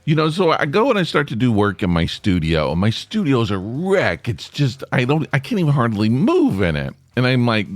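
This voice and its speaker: A man's voice: medium pitch, wildly swooping pitch, moderate pace, no room sound. A man hosting his own podcast from a small home studio, talking in a rambling, self-deprecating way with lots of restarts. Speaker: podcast host. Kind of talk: rambling solo podcast chat.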